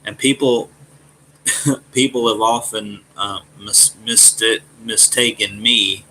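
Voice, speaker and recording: A man from Alabama with a Southern accent and a gruff voice, casually chatting with his live-stream viewers and often stumbling over his words. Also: on the low side, fairly even intonation, pushed and bright, slight background noise, rough recording. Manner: halting, repeats words and restarts. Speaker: streamer reading chat.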